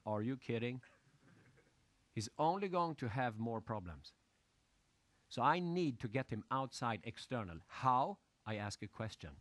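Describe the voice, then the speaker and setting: A man lecturing an audience with lively storytelling, asking questions and using loose, broken grammar. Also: mid-range voice, no room sound. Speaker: motivational speaker.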